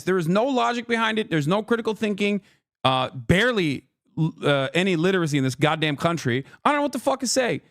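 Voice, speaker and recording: An exasperated male streamer rants through sarcastic political commentary and swears freely. His voice sits high for a man, and the sound is very dry and close, without any room echo. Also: expressive, brisk, fairly bright tone.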